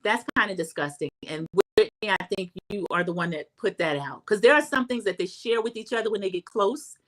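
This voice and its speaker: A woman's voice: a little fast, fairly bright tone. Middle-aged woman, drawl, casual recap host, chatty, mimics quotes. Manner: chatty, acts out quotes in a high voice, says "y'all".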